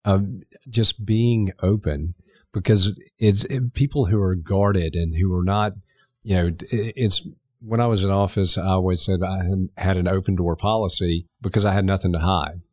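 A middle-aged man from Canada, a former mayor, talking earnestly as a podcast guest, halting and restarting his sentences. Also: low voice, fairly even intonation, darkish tone, dry recording. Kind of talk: conversational interview.

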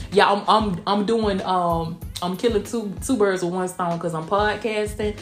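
A woman's voice: medium pitch, fairly even intonation, measured pace. A woman from small-town Georgia with a rural Southwest Georgia accent, hosting a casual motivational podcast in a folksy, emphatic way, calling listeners honey and y'all. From Blakely, Georgia, US. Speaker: podcast host. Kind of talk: casual motivational podcast chat, also streamed live. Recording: roomy echo with faint music behind.

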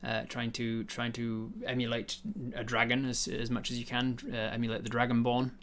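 Halting man running a tabletop game. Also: mid-range voice, monotone, fairly bright tone, a little hiss or hum. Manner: halting, full of uhs and ums. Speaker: game master.

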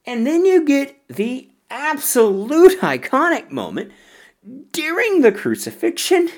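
Podcast host, male, unhurried delivery, lively swooping pitch, laughs often. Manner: laughs often while talking. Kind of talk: casual film review chat.

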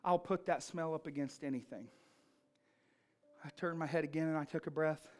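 A woman's voice: low voice, steady tone, normal speed, darkish tone. A woman preaching a sermon, telling a personal story in an emphatic, fervent manner.

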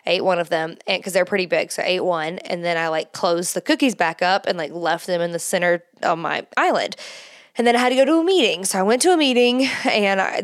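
A woman podcast host telling a rambling, casual story, full of fillers and laughing as she talks. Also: mid-range voice. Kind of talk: casual chat.

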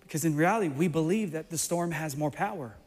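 A male preacher delivering a sermon in an animated, playful way, sometimes bursting into shouts. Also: on the high side, fast, long reverb tail.

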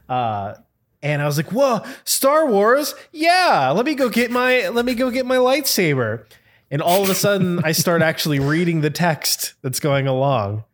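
A man co-hosting a casual podcast, telling a story in a rambling way, with frequent "like" fillers and bursts of laughter. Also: medium pitch. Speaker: podcast co-host.

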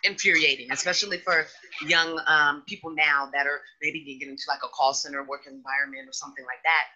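A candid, animated woman hosts a casual podcast chat. Her voice is sharp-toned and husky. The recording is dull and lo-fi. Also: fast talker. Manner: candid, animated, slips into high mocking voices. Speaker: podcast host. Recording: dull lo-fi audio.

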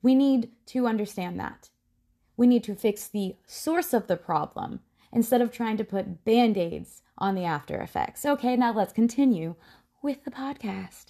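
A woman's voice: a little high, lively intonation, moderate pace, warm tone. A woman hosting a casual true-crime podcast, talking bluntly, swearing freely and breaking off into frank personal asides. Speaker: podcast host.

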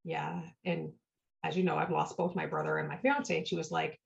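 Speaking in a low, creaky voice with little pitch movement and a moderate pace, a female podcast host tells personal stories casually and from the heart. "Right?" comes up often as she checks in with listeners. Sound quality is dull and lo-fi.

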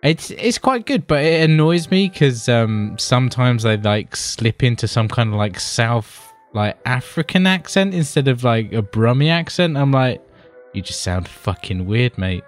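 A man's voice: mid-range voice, lively intonation, measured pace, hardly any pauses. A British man co-hosting a podcast in casual chat. He rambles and swears, keeps calling his co-host buddy, and has faint music behind him.

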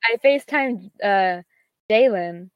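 Here a teenage girl talks slowly but animatedly at medium pitch, spinning a long, rambling story in casual conversation. She leans on fillers and acts out quoted exchanges. The muffled recording has no echo.

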